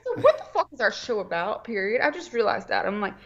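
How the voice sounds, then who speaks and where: A woman's voice: on the high side, big pitch swings, quick pace, a bit bright, lo-fi sound. A woman in a casual call-in chat, blunt and outspoken, swearing freely. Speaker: co-host.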